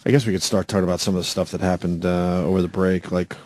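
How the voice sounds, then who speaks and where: A man's voice: low-pitched, flat delivery, fast, darkish tone. A man co-hosting a radio show in a studio, chatting casually and reading news items aloud. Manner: casual, conversational, reads stories aloud.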